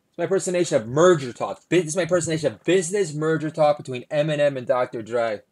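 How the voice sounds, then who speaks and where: A man's voice: on the high side, fast, darkish tone. A male comedian delivering a sarcastic, rambling comedy monologue full of asides.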